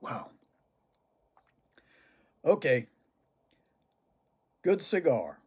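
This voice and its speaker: A man's voice: mid-range voice, animated, measured pace, long pauses, darkish tone, breathy edge. An older man chatting to camera about cigars and telling stories from his childhood, chuckling often as he talks. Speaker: cigar vlogger. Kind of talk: casual storytelling to camera.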